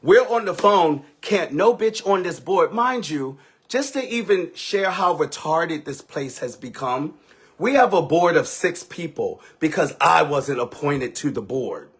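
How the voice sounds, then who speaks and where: Animated husky-voiced man telling a story. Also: fairly high pitch, a little slow. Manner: dramatic, profane, swings between loud outbursts and hushed asides. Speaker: livestream host telling a story.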